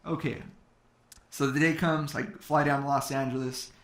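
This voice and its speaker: A man's voice: on the high side, fairly even intonation, normal speed, a bit bright. A man telling a personal story to an audience, acting out quoted talk in his own voice, with fillers. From California. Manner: quoting others in his own voice, with many fillers. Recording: echoey hall.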